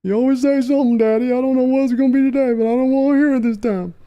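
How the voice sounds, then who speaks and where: A man's voice: very high voice, fairly even intonation, very fast, mellow, lo-fi sound, voice pushed up. A man voicing a timid young son who whines and pleads with his bossy father. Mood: whiny. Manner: pleading, whining.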